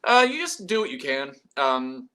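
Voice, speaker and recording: A man's voice: mid-range voice, big pitch swings, normal speed, bright, forceful tone, smooth. A man hosting a casual live stream about metal music, reading viewer messages and rambling animatedly, swearing freely. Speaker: metal YouTube channel host.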